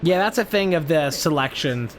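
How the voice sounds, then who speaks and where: A man streams a video game and rants at the enemies in his way, cursing constantly and sounding fed up. His pitch sits a little high and swings widely as he vents. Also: animated, moderate pace. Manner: profane, exasperated, ranting at enemies. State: frustrated. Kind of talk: live gameplay commentary.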